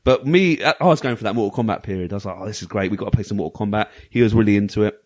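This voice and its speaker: A man co-hosting a retro gaming podcast, telling a long anecdote in lively, laughing casual chat. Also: lowish voice, rapid-fire. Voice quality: animated. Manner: lively storytelling, often laughing. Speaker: podcast co-host.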